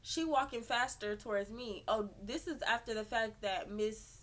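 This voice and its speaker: Young woman, slightly high and bright, storytime vlogger who acts out every quote. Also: moderate pace. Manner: animated, profane, acts out quotes. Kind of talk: storytime vlog.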